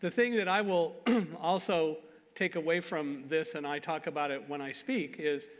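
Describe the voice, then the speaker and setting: A man's slightly high voice moves at a normal speed through a conference story. He's animated, makes fun of himself with jokes and laughs along; the conference hall leaves a long reverb on the recording.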